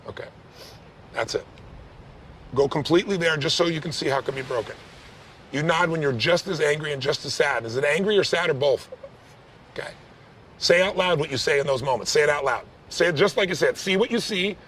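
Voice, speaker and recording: A man leading a live coaching session, intense and direct, pressing with quick questions. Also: fairly high pitch, fairly bright tone, slight background noise. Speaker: life coach on stage.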